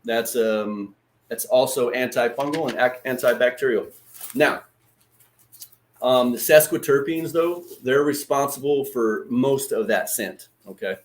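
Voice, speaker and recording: A man in the middle of his range, hosting a relaxed livestream lesson. His talk is loose and chatty, with plenty of swearing and quick hellos to viewers by name. He keeps it informal, like a friend explaining things. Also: medium pitch. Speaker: livestream host. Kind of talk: casual livestream teaching.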